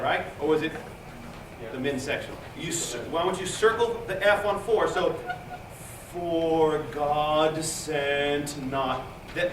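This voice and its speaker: This is rehearsal instruction from a man leading a choir: he counts in beats and tosses out joking remarks as he coaches. He has a high voice. The large rehearsal room echoes, and a far-off room mic captures him amid background noise and the choir's singing.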